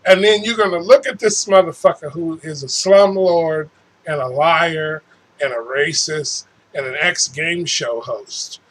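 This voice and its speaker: A man's voice: on the high side, measured pace, a bit bright, rough recording. A man hosting his own show, ranting angrily and profanely about politics, stumbling over restarts as he goes. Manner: angry, profane, stammering restarts. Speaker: host. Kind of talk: political rant.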